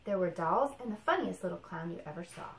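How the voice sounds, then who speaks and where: A woman reading a children's picture book aloud to a young child, expressive and patient. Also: lowish voice, fast, slight background noise. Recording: roomy echo.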